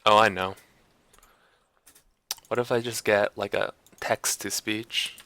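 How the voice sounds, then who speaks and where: A man chatting on a live stream, slow and unhurried, in a bright, smooth voice. He talks in a hesitant, self-conscious way and often laughs at himself. A keyboard clacks in the background. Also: on the low side, fairly even intonation, no room sound. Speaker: livestreamer. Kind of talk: casual live-stream chat.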